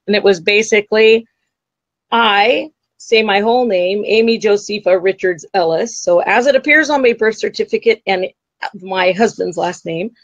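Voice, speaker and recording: Animated woman storyteller, psychic-medium guest, dry and slightly muffled. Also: medium pitch, normal speed, no room sound. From United States. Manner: animated storytelling, acts out quoted voices. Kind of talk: storytelling in an interview.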